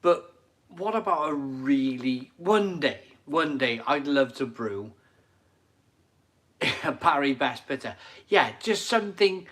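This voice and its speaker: Here the man's mid-range voice is expressive and a bit bright, moving at a slow pace. He's middle-aged, casually chatting on a kitchen live stream at home, eager and meandering, echoing his own phrases as he reads comments from viewers.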